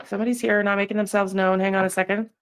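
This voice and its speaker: A woman hosting a live tarot stream, talking in a casual, halting way and often breaking off mid-thought. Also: medium pitch, flat delivery, rough recording. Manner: hesitant, halting, self-interrupting. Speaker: tarot reader and channel host.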